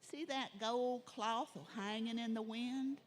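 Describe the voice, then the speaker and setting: A woman's voice: on the high side, fairly even intonation, slow. A woman voicing a sly, kindly old mountain granny with a folksy drawl.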